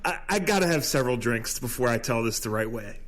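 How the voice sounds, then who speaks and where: A man's voice: medium pitch, animated, fast talker, a bit bright. A man co-hosting a podcast, telling sports stories in casual chat with frequent laughs. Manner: laughing storyteller, trailing off. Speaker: podcast co-host.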